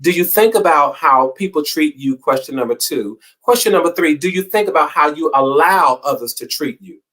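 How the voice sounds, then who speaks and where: A man gives an inspirational talk to his viewers with a preacher's cadence. His voice sits a little high for a man. He stacks repeated phrases and lets each line swell and then fall back. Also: expressive, normal speed, fairly bright tone. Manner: preacherly, repetitive, rising and falling emphasis. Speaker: motivational show host.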